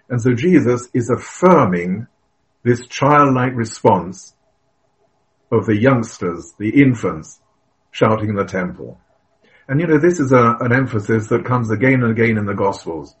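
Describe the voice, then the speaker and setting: A man preaching a sermon, earnest and emphatic, telling stories with the odd filler and cleared throat. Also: medium pitch, unhurried, low-quality recording.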